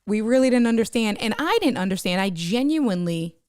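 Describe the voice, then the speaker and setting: A woman chatting on her live stream, telling a lively story, laughing often and reading viewer comments aloud. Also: medium pitch, fairly quick, dry recording, clean studio sound. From United States. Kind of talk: casual live-stream chat.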